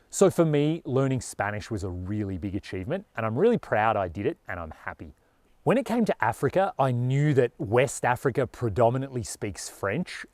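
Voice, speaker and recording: A man's voice: mid-range voice, darkish tone, no echo. A man with an Australian accent talking earnestly and casually to camera as a travel vlogger, with a lot of "you know".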